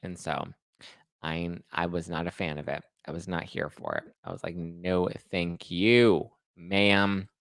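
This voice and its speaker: Sassy, chatty man with a low voice. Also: steady tone, normal speed, gravelly, a bit bright, no echo. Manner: chatty and sassy, acts out quotes. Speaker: podcast host. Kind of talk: casual chat, reality TV recap.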